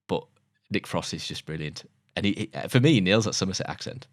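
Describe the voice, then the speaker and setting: Fast-talking, low-voiced British man. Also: animated, no echo, clean studio sound. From Britain. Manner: rambling and enthusiastic, often correcting himself. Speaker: film review co-host. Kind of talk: casual film review chat.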